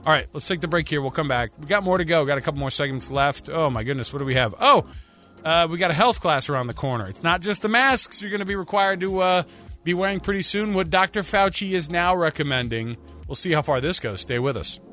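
A man's voice: on the high side, quick pace, pushed and bright, faint music behind. A man co-hosting a radio talk show, telling stories in a rambling way with frequent restarts. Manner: rambling storyteller with many restarts. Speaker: radio co-host. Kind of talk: casual radio chat.

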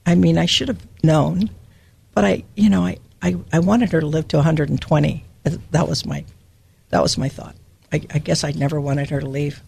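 A woman's voice: deep voice, fairly even intonation, normal speed, gravelly, a little mellow, husky. An older woman from Hawaii giving a personal, emotional devotional Bible teaching as a podcast host.

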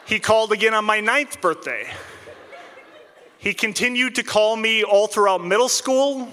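A man from central Minnesota, telling a personal story to an audience with a wry, deadpan comic delivery. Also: sits high, normal speed, long reverb tail, a little hiss or hum. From central Minnesota, United States.

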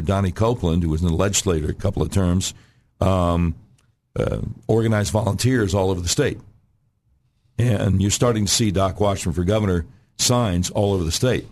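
On a radio talk show, a male candidate with a darkish tone gives an emphatic pitch for his campaign, clearing his throat frequently.

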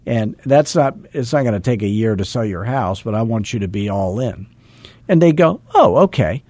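Warm-voiced man in his sixties telling stories. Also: lowish voice, normal speed, no echo. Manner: animated, acts out quoted dialogue; self-deprecating, chuckles often. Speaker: real estate coach. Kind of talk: casual storytelling on a coaching call.

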